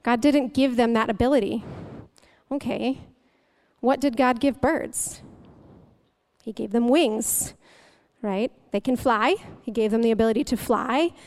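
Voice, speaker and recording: A young woman delivers a relaxed, chatty sermon as a guest speaker, her voice high and smooth. She keeps things light and humorous, laughing easily between points. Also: unhurried. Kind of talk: conversational sermon.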